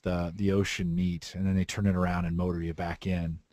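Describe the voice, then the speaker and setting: A man from the San Francisco Bay Area hosting a podcast, talking in a relaxed, rambling way. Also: sits low, fairly quick, no echo. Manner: relaxed, rambling, frequent restarts. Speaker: podcast host. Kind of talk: casual chat.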